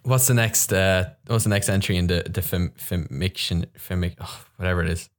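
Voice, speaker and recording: Male podcast host, deep-voiced, deadpan and sarcastic in casual chat. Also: moderate pace. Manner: dry sarcastic humor.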